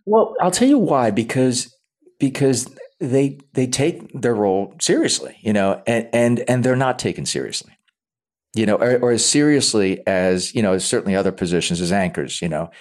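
A man's voice: on the low side, normal speed, darkish tone. A man, an actor, talking casually in an interview, often repeating words as he restarts and acting out quoted lines. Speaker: actor guest.

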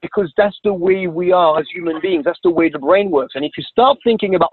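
A man's voice: high-pitched, animated, fast talker, hardly any pauses, husky, no room sound. A man guest giving earnest advice in casual chat, repeating words as he thinks. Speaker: podcast guest. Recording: tinny phone line with faint hiss.

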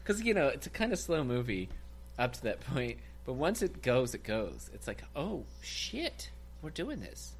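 A man co-hosts a casual film podcast, joking crudely with an animated, swooping pitch. A faint hum sits under his voice. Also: normal speed. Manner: crude joking banter, lively. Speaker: podcast co-host. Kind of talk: casual comedic film chat.

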